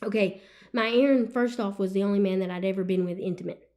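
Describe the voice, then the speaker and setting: A woman, a podcast guest telling an emotional personal testimony in an earnest, animated way. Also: medium pitch, fast talker. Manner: earnest and animated, with frequent "you know what I'm saying". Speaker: guest sharing her testimony.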